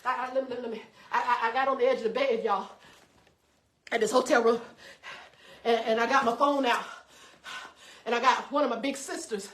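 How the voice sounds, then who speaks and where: A woman pastor delivers live-streamed motivational preaching in a fairly high voice. She speaks straight to her online viewers, greeting them by name, and keeps tripping into repeated words before pushing on with fervor. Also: steady tone, moderate pace, long pauses, fairly bright tone. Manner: fervent, direct address to viewers, stammered restarts. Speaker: pastor and online show host.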